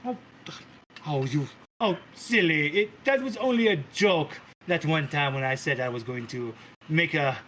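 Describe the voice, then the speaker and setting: Flamboyant, foul-mouthed mother goddess with a temper, put on by a man, theatrical and raised in pitch. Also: animated, a little slow, fairly bright tone, slight background noise. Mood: doting. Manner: theatrical, gushing, swears, calls everyone darling.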